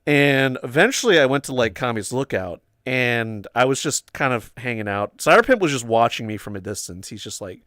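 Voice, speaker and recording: A young man hosting a casual livestream, telling a story in a loose, rambling way full of fillers. His voice sits at an ordinary pitch and is recorded dry and close. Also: lively intonation, a little fast, few pauses, fairly bright tone, dry recording. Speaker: livestream host.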